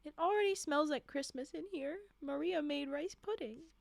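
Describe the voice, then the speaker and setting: Woman doing soft-spoken teary mom, high voice, dry close sound, storybook reading. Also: normal speed, creaky, dry recording. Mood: tender. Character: tearful gentle mother, middle-aged woman.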